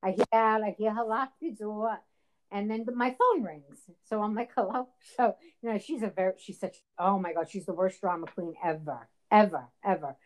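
A middle-aged woman chatting casually and telling an animated story with acted-out quotes. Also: mid-range voice, moderate pace. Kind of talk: casual chat.

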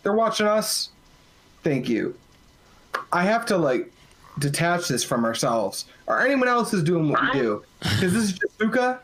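A man's voice: high-pitched, very animated, a little slow, a bit bright. A man co-hosting a casual podcast, rambling and swearing, a bit drunk. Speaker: podcast co-host.

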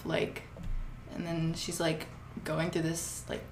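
A young woman co-hosting a casual podcast, halting and searching for words with many fillers. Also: fairly low pitch, flat delivery. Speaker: podcast co-host. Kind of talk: casual chat. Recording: echoey room, faint noise.

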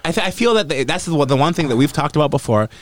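A man's voice: fairly high pitch, lively intonation, very fast. Blunt, swearing man hosting a podcast. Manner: blunt, opinionated, swears freely. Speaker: podcast host. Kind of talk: casual chat.

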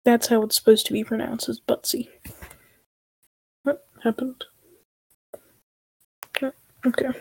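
A woman's voice: a little high, fairly even intonation, moderate pace, gravelly, long pauses, darkish tone, breathy edge, no echo. A woman chatting casually as co-host, offhand and tentative. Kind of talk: casual chat.

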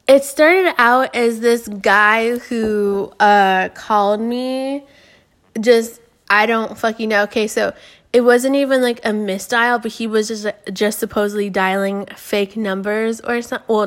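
A woman in her twenties hosting a podcast, telling stories in a rambling, profane way, full of fillers and restarts. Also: on the high side. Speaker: podcast host. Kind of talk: casual storytelling.

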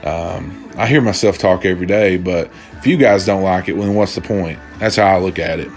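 Male podcast host, lowish voice, rambling and profane, faint music under him. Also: normal speed. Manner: profane, rambling, animated storytelling with quoted voices. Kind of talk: casual solo podcast rant. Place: at home, drinking bourbon while recording.

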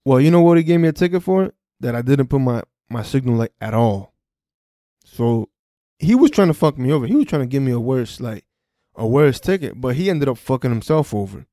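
A man telling a story on his podcast, casual and full of swearing, acting out both sides of the conversations. His voice is mellow and warm. The sound is close and dry. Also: mid-range voice, a little fast, dry recording. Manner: profane, animated, re-enacts dialogue. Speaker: podcast host.

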